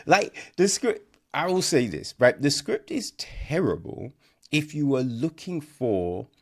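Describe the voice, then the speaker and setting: Podcast film reviewer, gravelly, slow-paced, conversational, sarcastic. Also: medium pitch. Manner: conversational, keeps asking "right?", restarts often; sarcastic, mocks dialogue in exaggerated voices. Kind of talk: casual film review chat.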